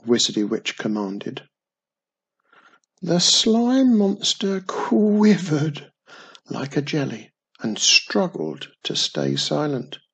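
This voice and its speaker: A woman storyteller reading a children's story aloud in a slow, expressive way. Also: low-pitched, gravelly, slightly rough, rough recording.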